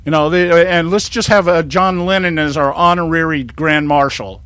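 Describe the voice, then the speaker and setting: Older man, talk show host, rambling and indignant, stops and restarts, slightly high pitch, dry recording. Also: moderate pace, fairly bright tone, dry recording. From California. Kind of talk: conservative talk show monologue.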